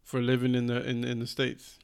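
A man co-hosting a podcast, explaining his views in a hesitant, measured way with many restarts. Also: medium pitch, completely flat delivery, vocal fry, clean tone. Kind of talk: casual podcast chat.

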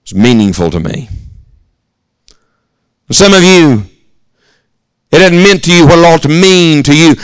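A man's voice: on the high side, lively intonation, unhurried, long pauses, clean tone, no room sound, low-quality recording. Man, American accent, sermon, earnest storytelling, dry sound. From United States. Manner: earnest, storytelling, addresses listeners directly. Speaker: preacher. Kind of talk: sermon at a youth camp.

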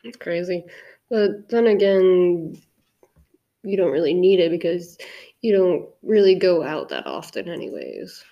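A woman's voice: on the low side, big pitch swings, unhurried, creaky, muffled recording. A young woman co-hosting a casual podcast chat, rambling and blunt, swearing freely. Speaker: podcast co-host.

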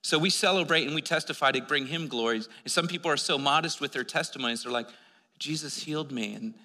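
A man's voice: on the high side, quick pace, bright, forceful tone. A man preaching a sermon, telling stories in a conversational way with many restarts. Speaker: pastor. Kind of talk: sermon with storytelling. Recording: long hall reverb.

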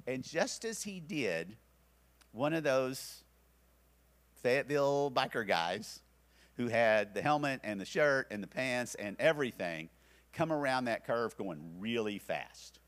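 An older man who teaches at church speaks to parents, recounting a story about his grandsons and acting out the soothing words he said to them. His medium-pitched voice is fairly bright, with lively intonation and an unhurried pace.

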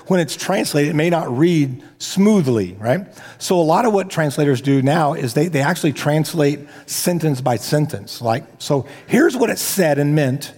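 A man's voice: on the high side, expressive, normal speed, darkish tone, slightly rough. A man preaching a sermon as pastor, talking casually with joking asides and frequent restarts. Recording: long hall reverb.

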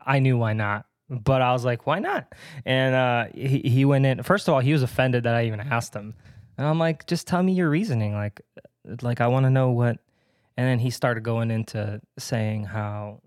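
A young man on a casual podcast, telling a personal story in an animated way and laughing now and then. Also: mid-range voice, no room sound, clean studio sound. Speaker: podcast co-host. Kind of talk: casual chat.

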